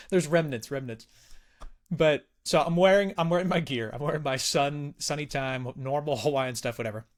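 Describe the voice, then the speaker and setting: A man's voice: fairly high pitch, normal speed. A young man in his twenties telling a story in casual chat, swearing freely and acting out other people's lines. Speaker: podcast guest.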